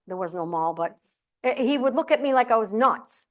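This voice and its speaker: Middle-aged ny woman doing a funny keynote, acts out her family, voice a bit high. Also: animated, brisk. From upstate New York. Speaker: keynote speaker and humorist. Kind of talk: humorous keynote storytelling. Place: conference room with audience.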